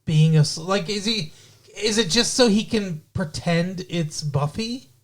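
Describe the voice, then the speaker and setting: A man's voice: sits high, a little slow. Rambling, swearing podcast co-host guy. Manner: rambling, profane, self-interrupting. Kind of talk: casual chat.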